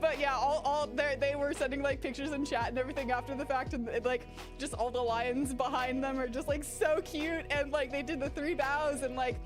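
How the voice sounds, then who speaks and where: Woman, fairly high voice, casual gaming chat, rambling, swears freely, animated storytelling, music playing behind. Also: brisk, hardly any pauses. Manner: animated storytelling with big pitch swings. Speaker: gaming YouTuber. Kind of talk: casual chat during a game playthrough. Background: game music.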